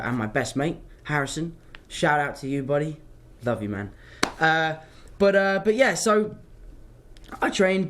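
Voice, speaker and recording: A young man chats through fan questions in a loose, rambling way, drifting off topic as he tells stories. His voice sits a little higher than most men's. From London, England. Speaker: actor answering fan questions. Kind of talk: casual livestream Q&A.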